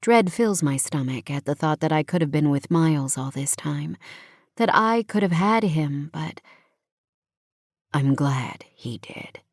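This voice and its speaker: A woman reads a first-person romance audiobook in an intimate, expressive way. Her voice sits very low for a woman, and the dry, close recording carries no room sound. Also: normal speed, no echo. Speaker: audiobook narrator.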